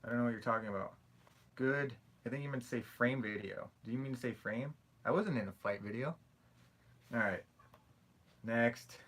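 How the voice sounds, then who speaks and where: A young man hosts a casual live stream, answering viewer questions in a loose, rambling way and apologizing often. His voice has a bright, forceful edge at an ordinary middle pitch. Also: moderate pace, pauses often, breathy edge. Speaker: YouTube creator answering live chat questions.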